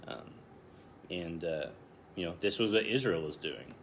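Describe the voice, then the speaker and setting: A man in his thirties teaching a Bible passage in a relaxed, conversational way, joking at his own expense. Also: sits low, a little slow, slight background noise. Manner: conversational, self-deprecating, chuckles often. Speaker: Bible study leader. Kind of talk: casual Bible study teaching.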